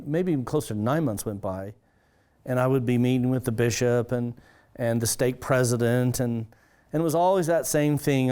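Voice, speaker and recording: A man's voice: medium pitch, warm tone, clear, resonant tone. A man, a pastor, earnestly recounting his own story, with frequent restarts and livelier tones when quoting others. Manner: earnest, halting, with many restarts. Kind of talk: personal testimony storytelling.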